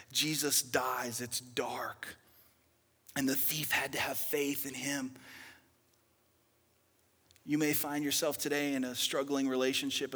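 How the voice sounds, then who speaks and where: A young male pastor preaching a sermon, swinging dramatically between loud outbursts and hushed whispers. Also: medium pitch. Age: young adult. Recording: reverberant hall.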